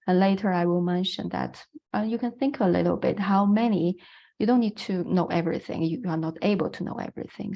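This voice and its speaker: Heard on a muffled recording, a woman with a lowish voice and vocal fry gives an online lecture about the Chinese language. A non-native English speaker with a Chinese accent, she explains patiently, with frequent fillers.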